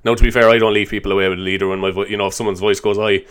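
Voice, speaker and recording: A man's voice: on the low side, level tone, very fast, a bit bright, clear, resonant tone. A man hosting a comedy show, rambling through an improvised monologue in a self-mocking way and laughing often.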